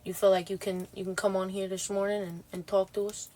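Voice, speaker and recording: A woman livestreaming in casual chat, sounding exhausted and talking bluntly with lots of swearing and halting restarts. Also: mid-range voice, little pitch movement, mellow.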